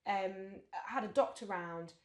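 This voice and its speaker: A woman's voice: medium pitch, unhurried, roomy sound. A woman, co-hosting a casual podcast chat and telling stories animatedly, acting out what people said. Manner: animated storyteller, acts out quotes, laughs often. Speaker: podcast co-host.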